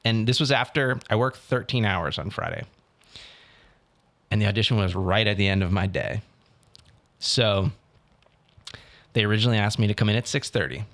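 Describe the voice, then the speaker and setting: Animated young man telling a story. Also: on the low side, normal speed, pauses often. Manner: animated storytelling, acts out others' lines. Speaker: podcast co-host. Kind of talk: casual chat.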